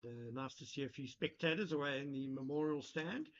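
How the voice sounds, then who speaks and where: A man giving live cricket commentary, measured and analytical, chatting with his co-commentator. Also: fairly high pitch, a bit bright. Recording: lo-fi broadcast sound.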